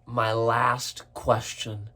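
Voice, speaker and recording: A man teaching English phrasal verbs, repeating each example slowly and clearly for learners. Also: mid-range voice, level tone, pushed and bright. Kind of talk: slow, deliberate lesson delivery.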